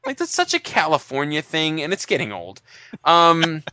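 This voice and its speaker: A man's voice: fairly high pitch, huge pitch swings, normal speed, sharp tone, no room sound. A man co-hosting a casual comedy podcast, reading news stories aloud and riffing on them with swearing and laughter. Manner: profane, laughing, reads news aloud with jokes. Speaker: podcast co-host.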